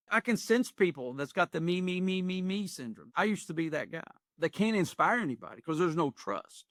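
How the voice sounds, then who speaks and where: A man's voice: fairly high pitch, lively intonation, a little fast, no echo, studio quality. A man in his sixties, an executive coach, telling stories in earnest with folksy phrasing in a podcast interview. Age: 60s.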